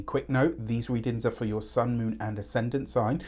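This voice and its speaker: A man giving a weekly tarot reading, chatty and rambling, often pausing with fillers and asides. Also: mid-range voice, fairly even intonation, a little mellow. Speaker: tarot reader.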